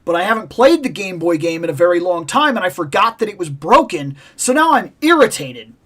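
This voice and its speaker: A woman hosting a toy collecting vlog, telling a lively, opinionated story about a video game and acting out its sounds. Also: on the low side, fairly quick. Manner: animated, acts out game sounds and voices; passionate, opinionated about games. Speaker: toy collecting channel host.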